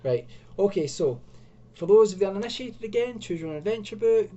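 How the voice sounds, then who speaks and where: Male host, casual self-mocking gamebook reader, mellow dark tone, lo-fi sound. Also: sits high, lively intonation, brisk. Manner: chatty, self-mocking asides. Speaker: video host. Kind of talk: reading and commenting on an adventure gamebook.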